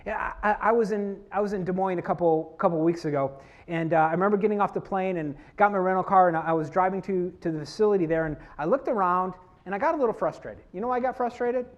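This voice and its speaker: A man's voice: high voice, quick pace, muffled recording. A man from Florida giving a conference keynote talk, telling stories and working the audience with questions. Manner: lively storytelling, works the audience. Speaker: keynote speaker. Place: conference hall.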